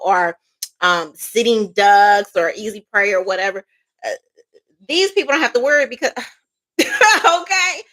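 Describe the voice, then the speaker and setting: Brash woman with a bright voice. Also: a little high. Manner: blunt, profane, animated, with laughs. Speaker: tarot reader. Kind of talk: casual spiritual monologue.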